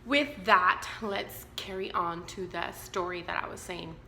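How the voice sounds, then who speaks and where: This thirty-something vlogger speaks frankly and off the cuff to her audience, leaning on fillers and side comments. Her voice sits lowish and gravelly, pushed and bright, with fairly even intonation and an unhurried pace. Echo fills the room and there's slight background noise.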